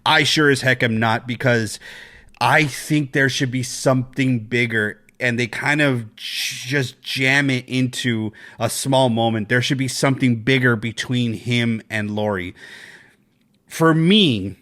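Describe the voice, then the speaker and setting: Excitable male podcast co-host. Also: unhurried. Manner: animated, excitable, swears, jumps to high pitch when quoting. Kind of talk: casual podcast chat.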